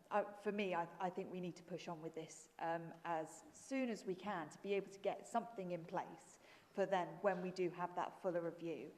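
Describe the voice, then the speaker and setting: A woman's voice: lowish voice, darkish tone. Earnest woman council leader, reverberant chamber. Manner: earnest, with many ums and restarts. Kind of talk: council meeting debate speech. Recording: long hall reverb.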